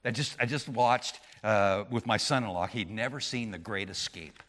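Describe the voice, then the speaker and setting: A middle-aged man preaching a sermon as pastor, with frequent restarts, moving between loud emphatic peaks and quiet low asides. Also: moderate pace. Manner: frequent restarts and repeated words.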